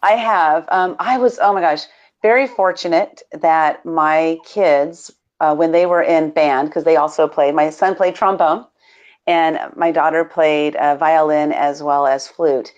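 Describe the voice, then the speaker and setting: A woman's voice: sits low, measured pace, muffled recording. A woman from the United States co-hosting a live video show, telling stories in a bubbly way with frequent laughs. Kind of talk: casual live-stream chat.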